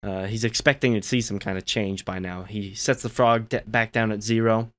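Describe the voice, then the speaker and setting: A man hosting a relaxed gameplay video, telling a long story in a meandering, laid-back way with lots of fillers. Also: fairly low pitch, normal speed. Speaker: gaming channel host.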